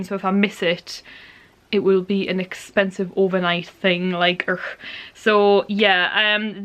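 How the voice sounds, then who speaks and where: A young woman with an English accent chatting excitedly to camera in a rambling vlog style, full of fillers. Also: medium pitch. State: out of breath. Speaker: vlogger. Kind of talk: casual vlog chat to camera.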